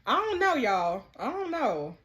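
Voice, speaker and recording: A woman giving sassy, animated commentary while playing through a texting story game. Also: high voice, a little slow. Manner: animated, sassy, laughs often. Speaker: content creator.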